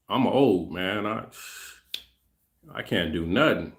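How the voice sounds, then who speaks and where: Middle-aged male host, slow and easygoing, rambling casual talk aimed at his viewers. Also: low voice, animated. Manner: rambling, repeats himself, speaks to chat directly. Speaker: channel host.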